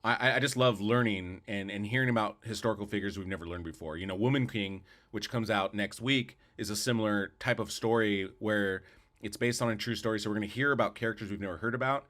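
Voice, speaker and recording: A man's voice: fairly low pitch, quick pace, a bit bright. A man co-hosting a podcast, chatting casually about movies in a rambling, opinionated way with lots of restarts. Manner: rambling, repeats words, opinionated. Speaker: podcast co-host. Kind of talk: casual movie review chat.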